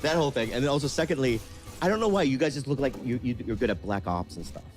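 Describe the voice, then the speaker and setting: A man's voice: medium pitch, lively intonation, fast talker, soft background music. A man hosting a casual podcast chat, asking playful, teasing questions and laughing often.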